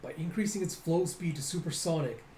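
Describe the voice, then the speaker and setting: A man's voice: on the high side, fairly quick, warm tone. A young man casually narrating a comic readthrough in a loose, rambling way. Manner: loose, rambling, lots of "he's like". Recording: echoey room, faint noise.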